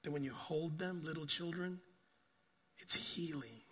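Speaking at a measured pace in a slightly high, somewhat rough voice, an older pastor delivers a sermon. He tells stories with sincerity, repeats phrases, and asks "right?" repeatedly, moving between emphatic bursts and soft, quiet stretches.

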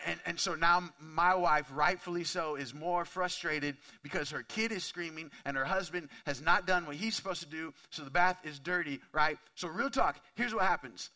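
A man in his thirties, a pastor giving a candid, conversational sermon full of asides, swinging from quiet to loud and intense. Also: high-pitched.

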